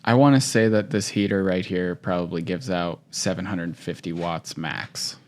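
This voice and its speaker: Slow laid-back podcast guy. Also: sits low, steady tone. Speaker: podcast co-host. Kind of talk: casual chat.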